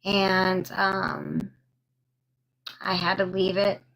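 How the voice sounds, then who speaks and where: A young woman telling a personal story on a live stream, slow and halting with many pauses and fillers, stopping now and then to thank viewers. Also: medium pitch, level tone, gravelly, a bit bright, poor audio.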